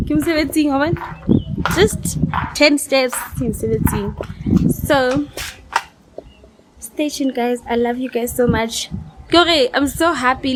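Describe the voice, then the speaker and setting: A woman's voice: fairly high pitch, heavy background noise. A young woman, tired, chatting casually to her vlog audience and dropping in Sesotho phrases. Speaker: vlogger.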